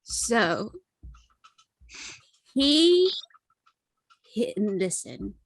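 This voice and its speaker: A woman's voice: mid-range voice, very animated, drawn-out words, vocal fry, no room sound, exaggerated voice, rough recording. A woman voicing a stoned young female adventurer who rambles and keeps repeating herself. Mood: rambling, stoned. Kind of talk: in-character roleplay.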